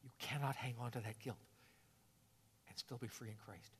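A man doing a hushed, tender comforter. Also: medium pitch, normal speed, big-room sound, a little hiss or hum, voice pushed down, natural voice. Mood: tender, reassuring. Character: gentle comforting man reassuring frightened followers.

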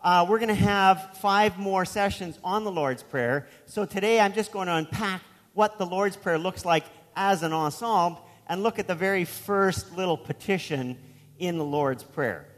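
A man's voice: high-pitched, normal speed, long reverb tail. A man preaching a sermon as pastor, telling a story in a conversational way with asides.

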